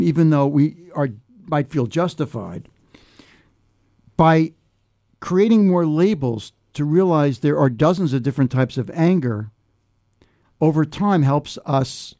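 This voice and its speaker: A man's voice: fairly high pitch, dark tone. An American man talking casually with friends, laughing often and restarting with many fillers. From United States. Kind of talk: casual chat.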